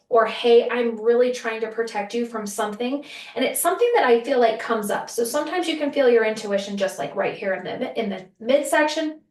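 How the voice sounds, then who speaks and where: A woman's voice: on the high side, distant mic. Earnest woman podcast host, roomy sound. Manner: earnest, conversational, acts out quotes. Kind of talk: solo podcast storytelling.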